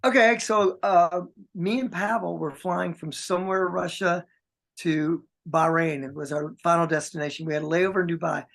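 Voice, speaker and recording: A man's voice: a little high, fairly even intonation, moderate pace, gravelly, a bit bright. A man being interviewed as a guest musician, telling a long anecdote in a rambling way with many restarts. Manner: rambling, many restarts, acts out quoted voices. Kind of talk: casual storytelling.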